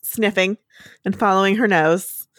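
A woman co-hosting a podcast, recapping a cartoon episode in casual, animated, giggly chat. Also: mid-range voice, unhurried, dry recording, clean studio sound. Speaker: podcast co-host.

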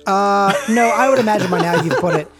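A man running a tabletop game as game master. He narrates in a relaxed, rambling way, with plenty of ums and restarts. His voice sits a little higher than most men's. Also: fairly quick, loud music behind the voice. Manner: casual, filler-heavy narration.

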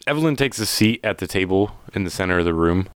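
A young man hosting and narrating a tabletop game in a relaxed, casual way. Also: low-pitched, fast talker, smooth, dry recording. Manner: relaxed, with frequent uh fillers. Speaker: dungeon master and podcast host.

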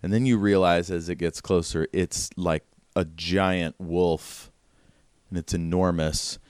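A man narrating as game master of a tabletop role-playing game, relaxed and descriptive. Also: low voice, unhurried, clear, resonant tone, dry recording.

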